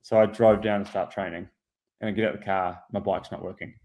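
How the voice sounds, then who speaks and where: A man's voice: lowish voice, steady tone, fast, darkish tone. A man on a casual podcast, telling a story and acting out what people said. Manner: chatty storyteller, acts out quoted people. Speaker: podcast co-host, pro cyclist. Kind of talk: casual chat, anecdotes.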